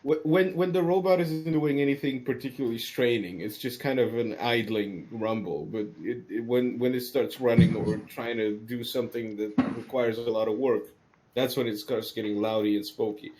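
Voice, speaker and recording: A man at a tabletop game, joking with the table and rambling through his explanations. His voice sits at a middle pitch in a loose, casual tone. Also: steady tone, moderate pace, a little mellow. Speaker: player.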